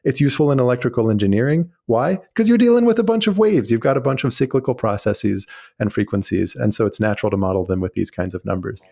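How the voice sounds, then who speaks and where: A man's voice: medium pitch, lively intonation, fast talker, vocal fry, mellow. A man, a guest mathematician, explaining ideas eagerly in casual chat with frequent fillers.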